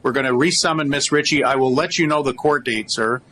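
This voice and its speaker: A man presiding as judge, speaking in a measured, firm way and cutting in to keep order. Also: medium pitch, pushed and bright, slight background noise. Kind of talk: court proceedings. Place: courtroom.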